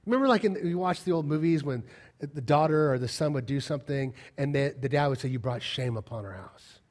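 A man preaching a sermon as a pastor, firing rhetorical questions and swinging between loud emphatic lines and quiet asides. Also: a little high, fast talker.

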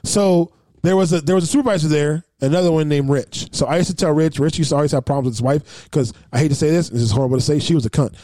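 A man's voice: on the high side, warm tone, dry recording. A man telling a long story in casual, profane chat, quoting other people as he goes. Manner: fast, swearing, acts out others' lines.

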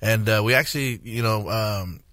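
A man in his forties, a guest minister, telling his testimony in a radio interview, earnest and halting, with many fillers and restarts. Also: fairly low pitch, bright, forceful tone, no room sound, studio quality. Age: 40s.

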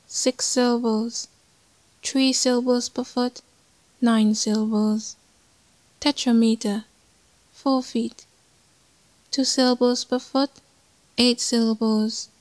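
Slow, even-voiced woman teaching poetry. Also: fairly high pitch, dry recording, rough recording. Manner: measured, deliberate, even delivery. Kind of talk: slow scripted lesson narration.

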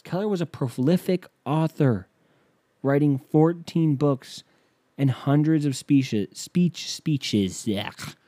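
A man's voice: mid-range voice, warm tone, no room sound. Sarcastic, foul-mouthed male podcast host. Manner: irreverent, sarcastic, profane. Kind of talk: comedic podcast riffing while reading aloud.

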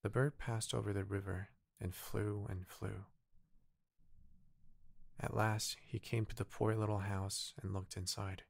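A man reads a bedtime story in a low, gravelly voice. He keeps a gentle, unhurried pace. The sound is dry and close, with no room around it. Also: little pitch movement, no room sound. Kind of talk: soft bedtime story reading.

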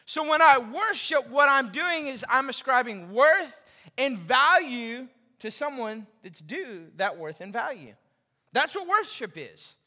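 A man preaching to his congregation in a chatty, animated way, slipping in jokes. His voice sits very high and sounds bright and sharp. The sound rings with the long reverb of a large church hall. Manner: animated and conversational, with joking asides. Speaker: pastor. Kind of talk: sermon. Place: large church during a service.

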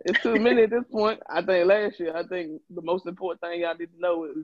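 A man co-hosting a podcast, telling stories in an animated, joking way during casual chat with friends. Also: high-pitched, brisk, over a noisy crowd. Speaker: podcast co-host. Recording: dull lo-fi sound.

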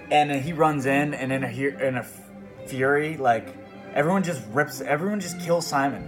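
A man rattles through a book report in a loose, profane, comedic ramble, swinging between mutters and excited outbursts. His pitch sits mid-range, and music plays clearly behind him. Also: fast talker. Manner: profane, rambling, animated retelling. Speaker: podcast host.

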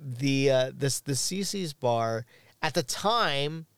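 A man's voice: mid-range voice, animated, slow pace, fairly bright tone, smooth. A man hosting a podcast, telling stories in casual chat with lots of restarts. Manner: rambling storyteller with many restarts. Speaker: podcast host.

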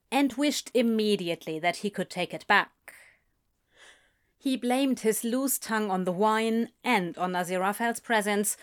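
A woman narrating a fan fiction story in an unhurried, expressive storytelling manner. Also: medium pitch. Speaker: reader.

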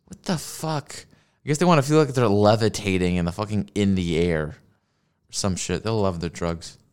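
A streamer's ranting video commentary is full of curses, sarcasm and laughter at his own jokes, picked up by a desk mic with a mixer. His deep voice is a little mellow and clean, and he talks fairly quickly.

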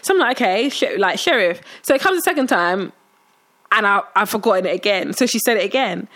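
A woman with a slight lisp, telling lively stories in a casual chat and teasing her co-host. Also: mid-range voice, a little fast. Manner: teasing, exclaiming, laughing through stories. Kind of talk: casual chat, animated storytelling.

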